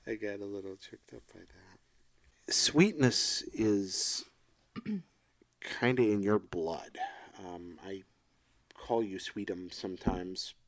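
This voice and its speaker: Middle-aged male co-host; gravelly, slightly low; heartfelt, halting delivery. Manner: reflective, emotional, halting. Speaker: podcast co-host. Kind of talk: casual chat.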